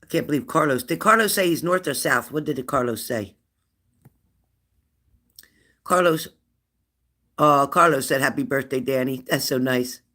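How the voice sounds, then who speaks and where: A woman in her fifties hosting a live stream, chatting warmly and laughing as she reads out viewers' comments. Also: very deep voice, moderate pace, pauses often. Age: 50s. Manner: chatty and affectionate, laughs often, answers comments aloud. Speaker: livestream host of a spirit-messages channel.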